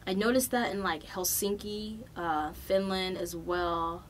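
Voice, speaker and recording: A young adult woman hosting a podcast, telling a travel story in a loose, animated way with plenty of swearing. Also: lowish voice, measured pace, slight background noise. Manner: profane, animated, loose and chatty. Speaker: podcast host. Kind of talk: casual storytelling.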